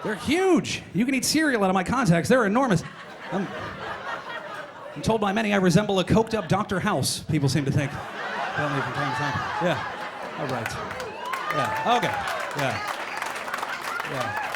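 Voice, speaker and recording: A young man doing a stand-up comedy set in a comedy club, talking fast and jittery. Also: sits high, very animated, crowd noise, noisy background.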